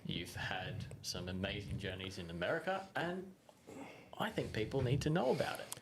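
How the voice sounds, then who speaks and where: Guy with a lowish voice chatting over beers, dry jokes, faint hiss. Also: moderate pace. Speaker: podcast co-host. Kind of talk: casual chat over beers.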